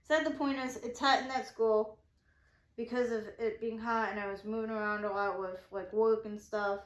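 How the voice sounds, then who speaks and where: Telling a story from her day, this woman vlogger rambles casually, restarting often, saying "I'm like," and excitably performing what people said. She speaks at a moderate pace in a high-leaning voice, with noticeable reverb in the recording.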